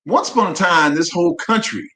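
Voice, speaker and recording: A man's voice: high-pitched, a little fast, a bit bright. A man co-hosting a casual talk show, playful and rambling, with many restarts. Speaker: co-host. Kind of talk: casual chat.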